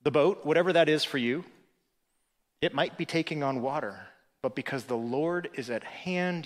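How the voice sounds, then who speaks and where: A man preaching a sermon as pastor, swinging between emphatic, rising passages and quiet, reflective lines. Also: a little high, normal speed. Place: church sanctuary. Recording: long hall reverb.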